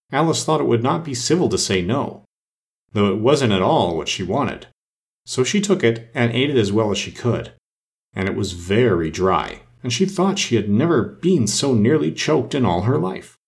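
A man narrating a children's story aloud with an expressive reading. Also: lowish voice, gravelly.

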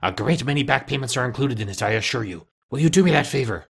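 A man voicing a giddy, reformed elderly miser in a storybook reading, talking with gleeful, breathless warmth. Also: mid-range voice, lively intonation, fast talker, gravelly, husky.

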